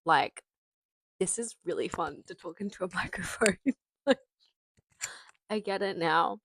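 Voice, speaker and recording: A woman's voice: on the low side, measured pace, a bit bright, a little hiss or hum, poor audio. A young Australian woman rambling through a casual storytelling vlog into a small mic, full of filler words. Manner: rambling, chatty, many fillers. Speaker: vlogger. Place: parked car. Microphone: small handheld mic.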